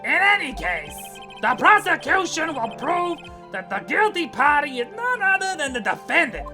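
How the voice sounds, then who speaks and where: A woman voicing a smug, squealing rookie male prosecutor in a loud, boastful manner, over game music. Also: sits high, sing-song, moderate pace, voice pushed up, heavily acted.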